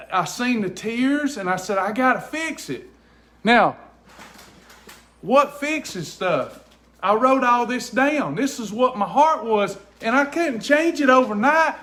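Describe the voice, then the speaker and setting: A man's voice: very high voice, animated, slow, a bit bright. A man, hosting a faith-based wellness show, talking earnestly at home and repeating himself for emphasis. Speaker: host of a faith-based weight loss ministry. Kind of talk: casual preaching chat to camera. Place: at home indoors.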